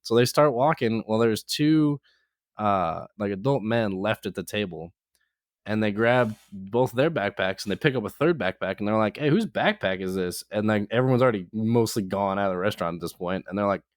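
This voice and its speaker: A man co-hosting a podcast, telling a casual story in an animated way, acting out other people's lines and saying "like" a lot. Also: on the low side, normal speed, no room sound, clean studio sound. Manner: peppers speech with "like". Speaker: podcast co-host.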